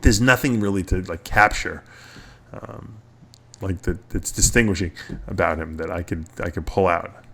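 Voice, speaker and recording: A man's voice: sits low, fairly even intonation, moderate pace, creaky, pushed and bright, a little hiss or hum. A middle-aged man hosting a radio show, chatting casually in a rambling way and chuckling often. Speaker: podcast host.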